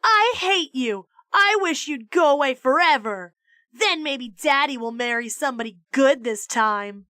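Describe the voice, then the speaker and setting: A woman's voice: high-pitched, expressive, measured pace, bright, forceful tone, no room sound, studio quality, full character voice. A woman voicing a sinister male teacher who mocks his pupils in stolen voices. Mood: mocking. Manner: mocking, sneering.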